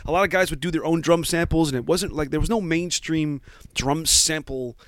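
A man's voice: a little high, moderate pace, fairly bright tone, no room sound. A man in his forties casually telling a long story about his start, rambling and self-deprecating with many restarts. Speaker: guest.

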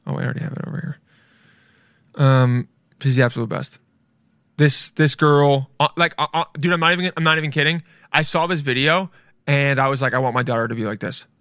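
A man giving casual reaction commentary, rambling and excitable, calling people "dude" and swearing freely. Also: medium pitch, a little fast, no room sound, clean studio sound. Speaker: video reaction host.

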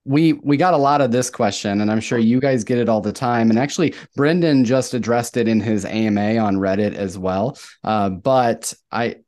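A man's voice: mid-range voice, normal speed, few pauses, a little mellow. Playful male podcast host. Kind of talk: casual podcast interview.

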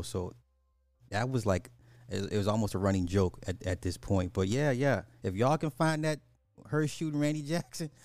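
A man hosting a casual podcast, chatting in loose slang and speaking straight to his listeners. His voice sits on the low side, dry and close, with faint music under it. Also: a little mellow, no room sound. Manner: loose, slangy, addresses the audience directly. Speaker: podcast host. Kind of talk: casual livestream commentary.

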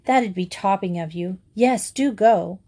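A woman voicing a lively, excitable schoolgirl who talks quickly. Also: mid-range voice, natural voice. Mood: excited. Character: lively, flustered schoolgirl Grizel.

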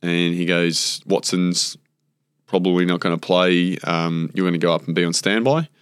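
A man's voice: deep voice, fairly even intonation, normal speed, smooth, no room sound, studio quality. An Australian man, a former cricketer, chatting as a guest and telling rambling stories full of fillers and acted-out quotes. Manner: rambling anecdotes with many fillers, acts out quotes. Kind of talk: casual storytelling interview.

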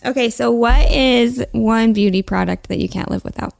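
A woman hosting a casual podcast interview, enthusiastic and quick to laugh and agree. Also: a little high, gravelly. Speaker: podcast host.

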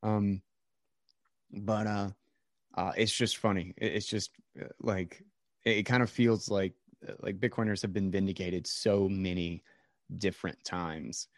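A man's voice: deep voice, fairly even intonation, a little slow, dry recording, studio quality. A man hosting a casual podcast chat, rambling with many fillers and restarts.

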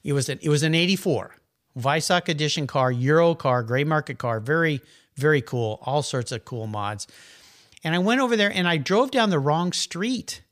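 A middle-aged man, a guest, chatting casually and telling animated, rambling anecdotes. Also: on the high side, moderate pace. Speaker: guest, car enthusiast. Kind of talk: casual conversational storytelling.

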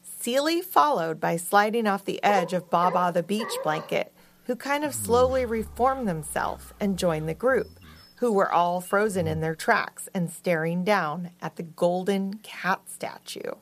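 A woman co-hosting a podcast, narrating a children's story in a slow, expressive and playful way. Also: medium pitch, slight background noise. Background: music.

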